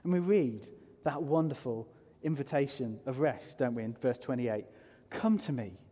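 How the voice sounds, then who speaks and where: Husky man preaching in a reverberant hall. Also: medium pitch, normal speed, lo-fi sound. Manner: earnest, rising to emphatic preaching. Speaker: pastor. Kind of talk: sermon. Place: church hall.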